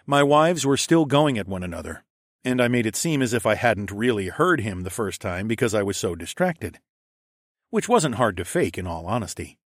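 A man's voice: fairly low pitch, sing-song, moderate pace, dry recording, clean studio sound. A man narrating a first-person fantasy audiobook in a wry, sardonic tone with casual swearing.

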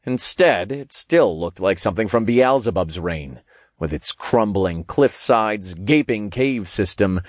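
A man narrates a first-person fantasy audiobook in a low voice with a lively, swinging melody. His delivery is casual and wry, with the odd swear, recorded dry and close. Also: unhurried, dry recording.

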